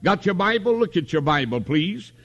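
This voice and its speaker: A man's voice: high-pitched, very animated, normal speed, a bit bright, dull audio. An older man preaching a revival sermon in a tabernacle, folksy and storytelling, calling for amens.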